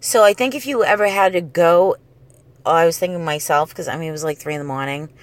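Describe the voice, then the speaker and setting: A woman's voice: lowish voice, quick pace, no echo. Profane rambling woman. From New England. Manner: profane, rambling, goes off on tangents. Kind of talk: casual storytelling monologue.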